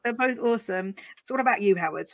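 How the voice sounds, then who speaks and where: A woman's voice: medium pitch, fast talker. A woman from England hosting a podcast in a casual, chatty way, laughing often. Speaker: podcast host. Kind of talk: casual chat.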